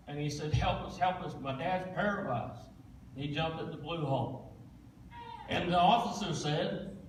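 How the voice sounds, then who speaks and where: A man's voice: on the high side, a little hiss or hum. A man, a guest speaker giving a plain-spoken, folksy testimony during a church service. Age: 40s. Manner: plain-spoken storytelling, folksy Southern phrasing. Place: church sanctuary. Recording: echoey church room, distant mic.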